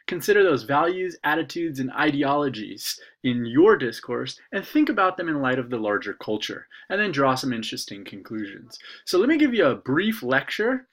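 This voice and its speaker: Animated man giving a lecture. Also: medium pitch. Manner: conversational, filler-laden explaining. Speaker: instructor. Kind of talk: recorded video lecture.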